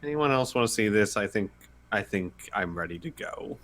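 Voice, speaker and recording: A man's voice: lowish voice, expressive, normal speed, fairly bright tone. A man voicing a weary adult man with a dry, sardonic manner.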